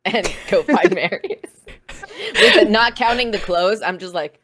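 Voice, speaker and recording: A woman's voice: mid-range voice, moderate pace, fairly bright tone. A woman playing a tabletop game, hesitant and giggly, with lots of ums as she describes her character's actions. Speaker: player. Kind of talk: casual tabletop play.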